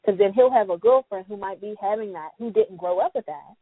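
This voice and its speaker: A woman's voice: medium pitch, fairly quick, slightly rough, no room sound. A woman guest in a casual chat about parenting, talking with energy and acting out quoted voices in slang. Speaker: podcast guest. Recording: tinny phone-like sound, dry.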